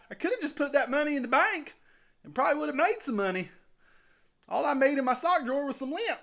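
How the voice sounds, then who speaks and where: A man's voice: very high voice, vocal fry, fairly bright tone, heavily acted. A man playing a nervous, rambling servant who tells his tale in a comic skit.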